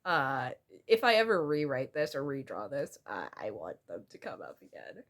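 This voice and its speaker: A young adult woman reading aloud from a comic she drew as a child, giggling often and gently poking fun at herself. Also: a bass voice, huge pitch swings, moderate pace. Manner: giggly, breaks into laughter often; playfully self-mocking. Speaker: vlogger.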